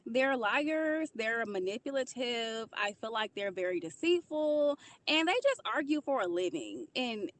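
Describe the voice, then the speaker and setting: A woman's voice: a little high, lively intonation, measured pace, hardly any pauses, a little hiss or hum. A woman hosting and giving direct, opinionated answers to viewers. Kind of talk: casual talk to viewers.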